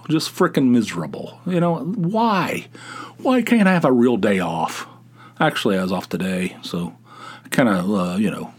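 A man's voice: on the low side, darkish tone. Rambling self-deprecating man host. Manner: rambling, self-deprecating, acts out quoted voices. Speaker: podcast host. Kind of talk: casual solo monologue.

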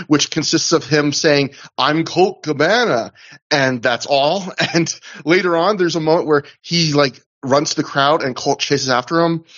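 A man's voice: medium pitch, fairly bright tone, lo-fi sound. A man co-hosting a casual podcast, rambling through a wrestling show review with lots of fillers and restarts. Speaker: podcast co-host.

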